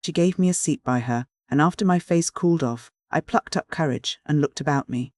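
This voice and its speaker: Man narrating an audiobook, fairly high voice. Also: brisk, darkish tone, dry recording, studio quality. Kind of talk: scripted first-person narration of a novel.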